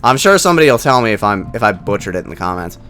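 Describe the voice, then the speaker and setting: Man, let's play host, wry self-mocking asides, animated intonation, soft background music. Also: lowish voice, racing.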